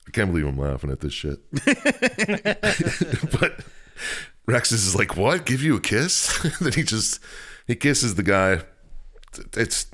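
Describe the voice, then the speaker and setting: A man's voice: a bass voice, fairly bright tone. A man co-hosting a podcast, casually recapping a video game's story and laughing often as he retells scenes. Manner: laughs often, retells with quick silly voices. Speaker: podcast co-host recapping a game. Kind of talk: casual chat.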